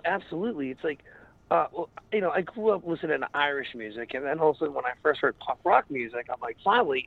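A man's voice: medium pitch, vocal fry, no echo, phone-quality sound. A man casually telling a rambling story in an interview, full of fillers and acted-out quotes. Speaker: musician guest.

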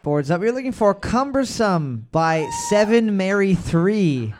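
A man hosting a trivia music round, calling out answers loudly and joking between questions. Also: high voice, big pitch swings, a little slow. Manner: loud repeated calls of "boards up", joking asides. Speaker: trivia host. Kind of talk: casual podcast banter, running a music round.

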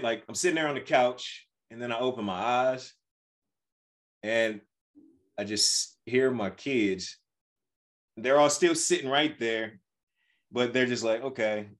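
A young man co-hosting a podcast, telling a family story in casual chat and acting out the dialogue. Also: mid-range voice. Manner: animated storytelling, acts out dialogue. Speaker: podcast co-host.

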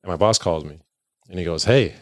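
A man's voice: low-pitched, fairly quick, dry recording, clean studio sound. A young man telling a casual, profane story and acting out the voices of the people in it. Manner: animated, profane, acts out voices in his stories.

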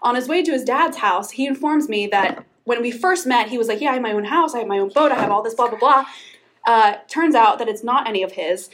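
A woman's voice: a little high, a little fast, fairly bright tone, slight background noise. A young woman, telling a dating story on a casual podcast while laughing often. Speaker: podcast co-host.

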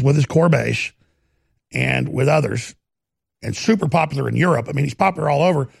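Raspy, gravelly Texan man ranting. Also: a little high, dry recording, studio quality. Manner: sarcastic, mocking, slips into put-on voices. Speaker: political commentary host. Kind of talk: opinionated political commentary.

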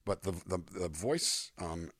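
A low-voiced older man chats as an interview guest, his pitch rising and falling a lot as he acts out lines. His voice is a little husky, and the sound is dry and close to the mic. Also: takes it slowly, dry recording. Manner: animated, demonstrates voices and melodies mid-sentence. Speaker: singer-songwriter guest. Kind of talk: relaxed interview conversation. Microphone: USB microphone.

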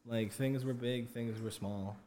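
A man's voice: mid-range voice, fairly even intonation, unhurried, dark tone, slight background noise. A young man, a podcast guest, chatting casually and telling rambling stories with lots of laughter and acted-out quotes. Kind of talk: casual chat.

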